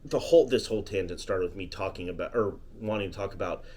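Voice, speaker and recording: A man's voice: low-pitched, fast, darkish tone, slight background noise. A man co-hosting a podcast, talking casually and at length about basketball coaching. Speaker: podcast co-host. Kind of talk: casual sports chat.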